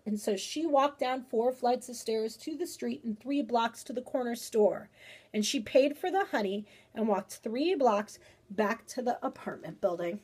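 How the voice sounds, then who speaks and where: A woman educator reading a picture book aloud with lively expression, then chatting about it with fillers. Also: on the high side, a little slow, breathy edge. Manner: animated storyteller, chatty with fillers afterward. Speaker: early-childhood educator.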